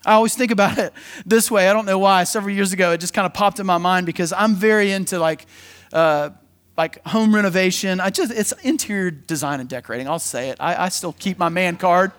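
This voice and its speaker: Man, high voice, pastor, conversational sermon, energetic, playful asides. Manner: energetic, conversational preaching with quick acted asides.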